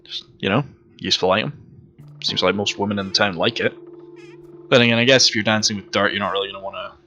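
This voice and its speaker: A man's voice: on the low side, fairly even intonation, fast, pushed and bright, a little hiss or hum. A man giving casual, rambling and profane commentary while playing a video game. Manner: rambling, profane and self-mocking. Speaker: let's play commentator.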